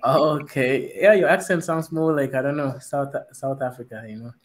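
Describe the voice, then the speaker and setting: Husky-voiced curious man. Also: mid-range voice, moderate pace. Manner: curious, asks questions, laughs easily. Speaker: podcast guest. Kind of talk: casual panel chat.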